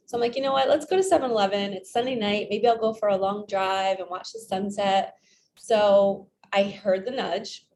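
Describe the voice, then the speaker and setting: A woman talks as a spiritual coach in a relaxed, chatty vlog. She tells everyday stories and acts out her own inner questions as she goes. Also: mid-range voice, slight background noise. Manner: chatty, retells stories with quoted self-talk. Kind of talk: casual vlog storytelling.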